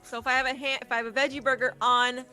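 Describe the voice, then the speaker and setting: A woman co-hosting a morning show, trading teasing, quick comebacks. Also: sits high, level tone, sharp tone, soft background music. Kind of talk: casual banter.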